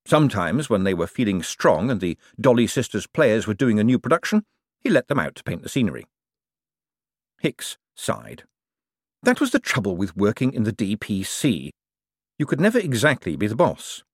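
A man reading an audiobook aloud in scripted narration, lively and expressive. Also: lowish voice, moderate pace, no room sound, studio quality.

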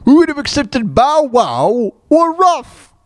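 On a dry, clean studio recording, a man with a very high voice speaks slowly but very animatedly. He hosts a radio show, telling stories in a loose, rambling monologue with many fillers and restarts, and laughs at the jokes he repeats.

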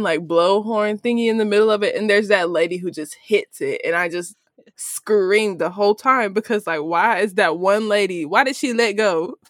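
A woman's voice: mid-range voice, dry recording, studio quality. A young adult woman co-hosting a casual podcast chat, talkative and prone to slipping into put-on voices. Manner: chatty, slips into put-on voices. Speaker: podcast co-host.

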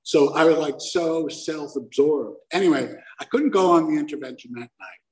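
A man's voice: on the high side, moderate pace, darkish tone, poor audio. A man telling a personal story to a live audience in a conversational, self-mocking way, acting out the voices he quotes.

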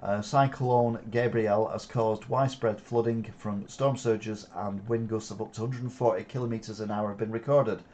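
Man, Wigan accent, somewhat low voice, news commentary host, sarcastic off-the-cuff remarks, lots of fillers. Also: steady tone, normal speed, few pauses, a little mellow. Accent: Wigan, Lancashire. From Wigan, England. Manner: sarcastic asides, frequent fillers. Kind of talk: reading headlines with off-the-cuff commentary.

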